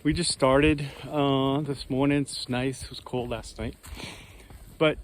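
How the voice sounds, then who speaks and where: A man vlogging outdoors on a mountain trail, talking in a relaxed, musing way that rambles a bit. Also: medium pitch, slow pace, a little hiss or hum. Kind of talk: casual outdoor vlog.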